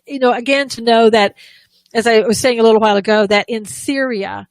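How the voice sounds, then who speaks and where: A woman's voice: a little high, fairly even intonation, brisk, no room sound. A woman co-hosting a live political talk show, giving opinionated commentary with frequent restarts and sarcastic asides.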